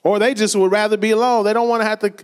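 Speaking rapid-fire in a high, clear, resonant voice with little pitch movement, this pastor delivers a conversational sermon. He tells stories, acts out what people said and laughs occasionally.

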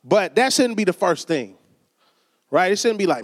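Male preacher, high voice, conversational sermon, acts out quoted voices, echoing church hall. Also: sing-song, normal speed. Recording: long reverb of a church hall.

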